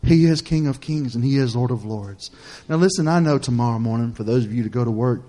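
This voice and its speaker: A middle-aged man, preaching a sermon in a folksy storytelling way that builds to loud exhortation. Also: medium pitch, brisk.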